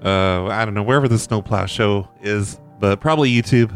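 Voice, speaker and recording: A man's voice: fairly low pitch, a little fast, faint music behind. A man hosting a podcast, chatting casually and wryly about his listeners' voicemails, often joking at his own expense. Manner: wry, self-deprecating, joking. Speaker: podcast host. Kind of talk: casual chat reacting to voicemails.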